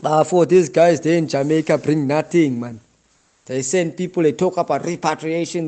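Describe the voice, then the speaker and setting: A man's voice: fairly high pitch, normal speed, warm tone. A South African man in an impassioned monologue, insistent and repetitive, often calling out to the listener. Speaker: Rasta community member.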